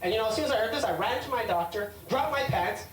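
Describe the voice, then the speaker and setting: A man's voice: high voice, expressive, fast talker, background noise. A man doing a stand-up comedy set, rambling and hesitant, talking back to hecklers. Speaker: stand-up comic. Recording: roomy club sound from a distant mic with loud crowd.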